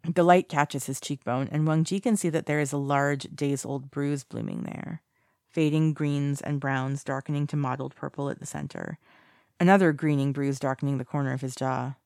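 Steady audiobook narrator, gravelly texture, dry sound. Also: mid-range voice, moderate pace, no room sound.

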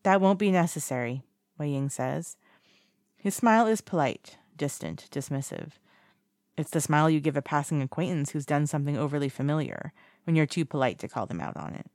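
A narrator reading a piece of fiction aloud in a steady, measured way. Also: medium pitch, no echo, studio quality.

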